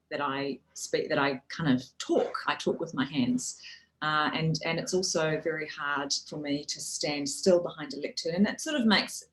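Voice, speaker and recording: A woman with a New Zealand accent gives practical tips on public speaking in a low voice. She is friendly and easygoing, often restarting a phrase or adding "you know" as she explains. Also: rough recording. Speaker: speaking coach. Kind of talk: instructional talk on public speaking.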